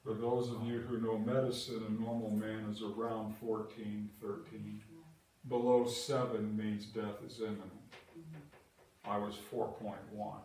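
A man's voice: lowish voice, little pitch movement, a little slow, a little mellow, slight background noise. An older man preaching a sermon as pastor, telling a personal story earnestly and building to emphatic, repeated declarations. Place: church sanctuary. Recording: echoey church hall from far off.

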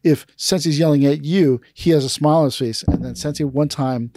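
A man who teaches aikido speaks fairly quickly in a slightly high voice, in clean studio sound with no room noise. His podcast conversation is casual storytelling, turning animated whenever he acts out quoted people.

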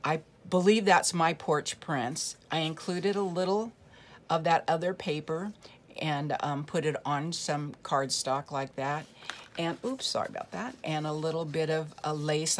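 A woman's voice: deep voice, measured pace, slight background noise. A woman casually showing off a handmade craft project, chatty and rambling, with frequent fillers and restarts. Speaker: craft vlogger. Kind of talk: casual show-and-tell craft tutorial.

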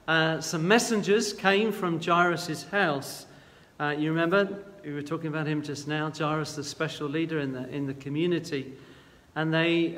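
An earnest male preacher with a slightly high voice, retelling a Bible story gently and with frequent restarts. A long reverb tail follows his words, as in a large hall. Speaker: guest preacher.

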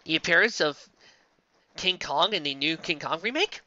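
Reading a fanfiction story aloud, this Southern US reader keeps breaking off into sarcastic, exasperated asides, bouncing between the text and a rant. The mid-range voice has lively intonation, a sharp tone and a normal speed, and the recording sounds lo-fi.

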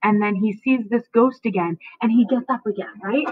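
A woman teacher with a medium-pitched voice explains a play to her students at normal speed, frequently checking in with a questioning "okay?" The recording sounds dry and tinny, like a phone.

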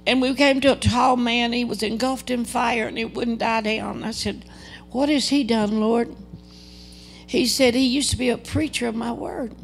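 A woman's voice: on the high side, steady tone, normal speed, creaky, a little hiss or hum. An older woman giving an earnest, dramatic testimony sermon at a church service, acting out quoted dialogue as she tells the story. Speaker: guest preacher.

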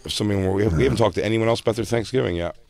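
A man's voice: lowish voice, very fast, a little mellow, soft background music. A man co-hosting a comedy podcast, trading crude mocking banter into a studio microphone. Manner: mocking, crude, breaks into laughter. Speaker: podcast co-host.

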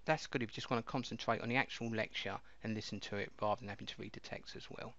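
A man casually walking viewers through a piece of software step by step, in a chatty explaining way. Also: fairly low pitch, steady tone, fast talker. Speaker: software reviewer. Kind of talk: casual screen-recording walkthrough. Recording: dull lo-fi dry mic.

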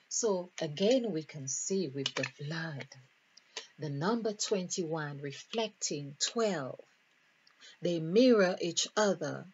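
Slow, husky woman musing over numbers. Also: medium pitch. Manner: deliberate, musing, counting out numbers aloud. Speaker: spiritual teacher. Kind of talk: numerology lesson, thinking aloud. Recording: dull lo-fi recording.

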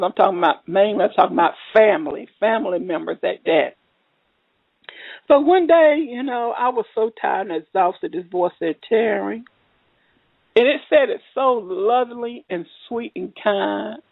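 A woman's voice: mid-range voice, breathy edge, no room sound. Woman preaching a testimony sermon over a tinny phone line. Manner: emotional, repeating herself, rising to cries.

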